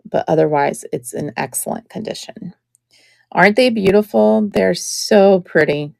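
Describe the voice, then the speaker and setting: A middle-aged woman selling vintage jewelry on a live stream, chatting in an admiring, unhurried way. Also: mid-range voice, vocal fry, darkish tone, no room sound, clean studio sound. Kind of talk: live-stream sales chat.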